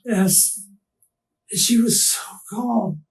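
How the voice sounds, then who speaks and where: A distraught, tearful man being interrogated, talking haltingly and restarting his sentences. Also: sits high, far from the mic, poor audio. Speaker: murder suspect under interrogation. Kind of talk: police interrogation.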